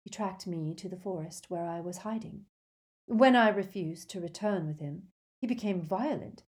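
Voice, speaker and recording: Haughty woman ghost, voiced by a woman narrator: cool, stiff, mellow and low. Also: moderate pace, natural voice. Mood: confessing. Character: haughty, proud woman ghost, cold then confessing. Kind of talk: audiobook character reading.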